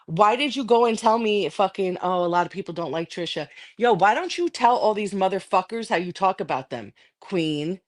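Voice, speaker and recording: A woman's voice: mid-range voice, animated, moderate pace, hardly any pauses. A livestreaming woman in a heated, profane, confrontational rant aimed at a rival.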